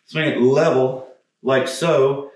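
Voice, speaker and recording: A man's voice: medium pitch, fairly even intonation, slow, darkish tone. A man teaching golf swing technique on camera, talking casually and bluntly, swearing now and then, and getting out of breath as he demonstrates. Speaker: golf instructor. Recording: echoey, from a distance.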